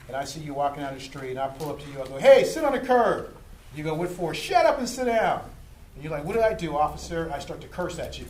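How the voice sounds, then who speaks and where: Animated police lieutenant in an echoey room. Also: male voice, on the high side. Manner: animated, acts out street scenes. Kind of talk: explaining to a group. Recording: echoey room, faint noise.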